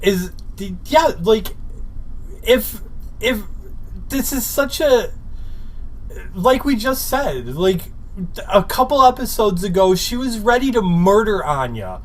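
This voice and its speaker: A man's voice: high voice, big pitch swings, slow, long pauses. Man co-host chiming in on a podcast. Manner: conversational, jumps in with comments. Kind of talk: casual podcast chat.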